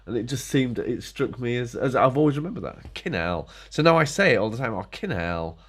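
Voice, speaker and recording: A man's voice: mid-range voice, expressive, fast talker, breathy edge. Guy in his 40s or so, sarcastic rant, mutters at himself, voice all over the place. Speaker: vlogger. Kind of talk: casual ranting monologue.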